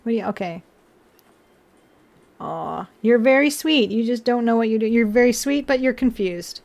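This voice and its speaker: A young woman streamer with a high, light voice chats loosely with her viewers. She laughs often, fills her talk with "like," and softens into baby talk for her pets. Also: animated, moderate pace, creaky. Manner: chatty and giggly, full of "like" and restarts, baby-talks to her pets. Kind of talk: casual live-stream chat.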